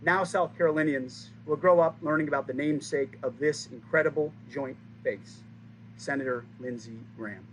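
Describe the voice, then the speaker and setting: A man in his forties giving a formal, rousing ceremony speech, stressing key lines with pauses for effect. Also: a little high, a little hiss or hum, poor audio. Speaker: speaker at a base ceremony.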